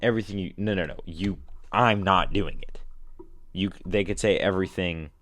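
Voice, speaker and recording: A man's voice: sits low, normal speed, a little hiss or hum. A young man rambling casually to a listener in a slangy way, bursting out now and then. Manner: slangy, rambling, animated outbursts. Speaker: vlogger.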